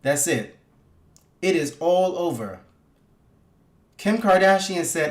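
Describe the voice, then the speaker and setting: A man's voice: fairly high pitch, expressive, takes it slowly. A man hosting a casual livestream, talking loosely and profanely with his viewers and hyping them up. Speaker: livestream host. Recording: echoey room.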